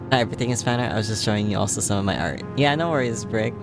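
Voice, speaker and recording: A man hosting a casual game livestream, tired and playful, laughing a lot as he chats with viewers. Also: on the low side. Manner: playful, giggly, chatting to viewers. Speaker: livestream host. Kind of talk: casual game-stream chat. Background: game music.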